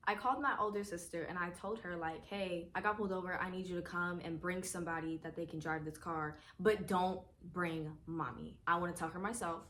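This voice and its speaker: A young adult woman vlogger, telling a storytime casually, animated and swearing freely. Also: fairly low pitch, slight background noise.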